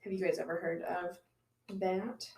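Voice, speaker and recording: Woman storyteller, casual and chatty, mid-pitched, echoey room. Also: fairly even intonation, normal speed, gravelly, darkish tone. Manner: chatty, apologetic about pronunciation. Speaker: podcast co-host telling the story.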